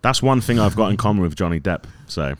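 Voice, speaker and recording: A man's voice: fairly low pitch, lively intonation, fast talker, dry recording, studio quality. A man co-hosting a casual podcast, loose and crude, laughing often. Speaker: podcast co-host.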